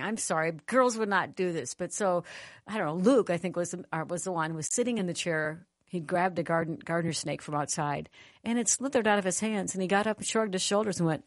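Middle-aged female talk host, low voice, earnest storyteller with a preacher's turn, dry close sound. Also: brisk, dry recording. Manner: earnest, conversational, animated in retelling. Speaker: Christian radio host and author. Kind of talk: personal storytelling with spiritual teaching.

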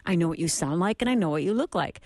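A woman's voice: fairly low pitch, animated, quick pace, darkish tone, dry recording. A middle-aged woman hosting a Christian radio talk show, telling a family story and retelling the dialogue.

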